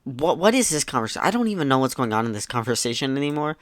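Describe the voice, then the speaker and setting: A man's voice: medium pitch, big pitch swings, very fast, a bit bright, no room sound. A man giving laid-back, sarcastic commentary as he reads out online messages, swearing casually and mocking what he reads. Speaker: YouTube commentator.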